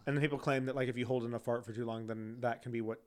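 A man's voice: mid-range voice, steady tone, very fast, clean tone. A man co-hosting a casual true-crime podcast, reading case notes with joking asides and frequent laughter. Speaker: podcast co-host.

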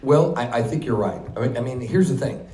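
Man, casual political chat, hedging, halting restarts, echoey room. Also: mid-range voice, expressive, warm tone.

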